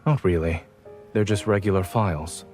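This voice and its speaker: A man playing a calm, deep-voiced doctor. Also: normal speed, faint music behind, close to an everyday voice. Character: calm, composed male doctor, reserved and dry. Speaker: doctor love interest. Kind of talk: game voice acting.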